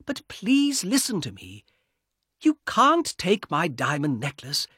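A scared young woman begs her brother in a high, strained voice, as a man reads her part. Her pitch swings widely and the sound is dry and close, with a breathy edge. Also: huge pitch swings, slow, bright, forceful tone, no echo, exaggerated voice. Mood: pleading. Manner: high pleading voice.

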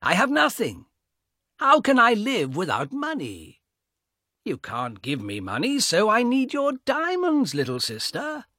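A man voicing a greedy young man who slowly taunts his sister in a read-aloud story. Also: sits high, huge pitch swings, pushed and bright, no echo, studio quality, pitched above the performer's own voice, full character voice. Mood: taunting. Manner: slow, taunting, raised voice. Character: greedy, mocking young man, cold and smiling.

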